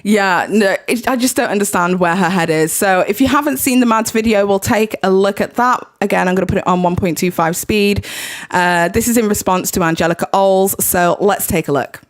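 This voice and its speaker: A woman's voice: medium pitch, fairly quick. British woman hosting a casual commentary stream. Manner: chatty, reacts with laughs between clips. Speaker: livestream host.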